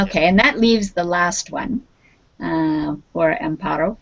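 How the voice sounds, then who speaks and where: Slow, patient Canadian woman teaching online. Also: fairly low pitch, creaky, a bit bright. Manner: slow, patient, prompting students. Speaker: English teacher. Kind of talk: online English lesson. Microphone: video call. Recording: dull lo-fi video call audio.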